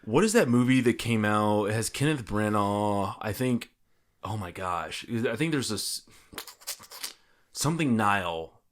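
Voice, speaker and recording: Low-voiced man thinking out loud. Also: expressive, a little slow. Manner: thinks aloud, muttering to himself. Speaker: podcast co-host, guessing player. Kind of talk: casual chat.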